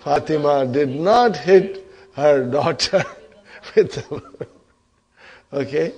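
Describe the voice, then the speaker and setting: A man leads a grammar lesson in a classroom, speaking at a slow, deliberate pace in a slightly raised voice. He keeps turning to the students with quick questions and checks that they are following. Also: on the high side, expressive, darkish tone. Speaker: Arabic teacher.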